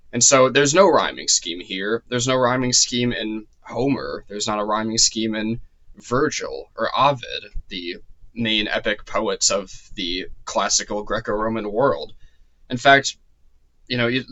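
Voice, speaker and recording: Bright-voiced man lecturing loosely. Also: lowish voice, low-quality recording. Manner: loose and digressive, many ums and restarts. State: voice a little strained. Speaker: literature course teacher. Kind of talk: unscripted lecture.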